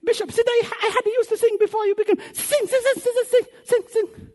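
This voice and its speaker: A male preacher voicing a sneering captor who taunts slaves in high, sing-song jeers. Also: fairly even intonation, a little fast, a little mellow. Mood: mocking. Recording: long hall reverb.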